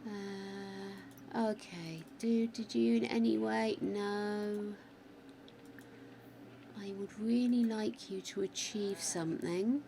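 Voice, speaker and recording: An older woman with a faintly wobbly voice talks her way through a game on a live stream. She speaks slowly and in a middling pitch, thinking aloud and greeting her viewers by name. A faint hiss sits beneath her voice. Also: steady tone, vocal fry, dark tone. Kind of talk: casual live-stream chat while playing.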